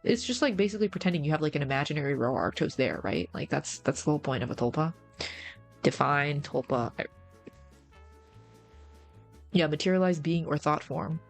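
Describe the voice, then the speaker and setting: A young woman VTuber chatting casually on a live stream, rambling and teasing, with low-quality mic sound. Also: very animated, fairly quick, vocal fry, long pauses, soft background music. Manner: rambling, repeats herself, teasing. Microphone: game chat headset mic, low sound quality.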